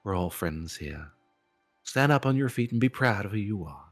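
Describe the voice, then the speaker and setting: A man putting on a warm Southern priestess. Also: lowish voice, expressive, normal speed, soft background music. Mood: warm welcoming. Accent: Southern American, put on. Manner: gentle, welcoming, preachy. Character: warm stout middle-aged woman priestess, radiant.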